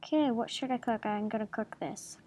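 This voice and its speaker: Slightly high and a bit quick, this woman's darkish voice comes with a little hiss or hum. She runs a gaming channel, giggling and joking through gameplay at her home computer while chatting with the in-game creatures.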